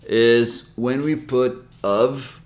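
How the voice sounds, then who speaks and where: Speaking very slowly at medium pitch, an American-accented pronunciation coach patiently explains English sounds in a recorded video lesson.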